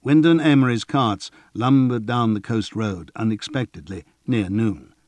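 A man reading a fantasy audiobook in an even, measured way. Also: mid-range voice, no room sound. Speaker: narrator. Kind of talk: audiobook narration.

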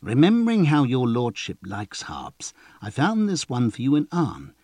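A man doing a wheedling, flattering trader. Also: mid-range voice, moderate pace, breathy edge, no room sound. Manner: wheedling, persuasive. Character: smooth, flattering male trader.

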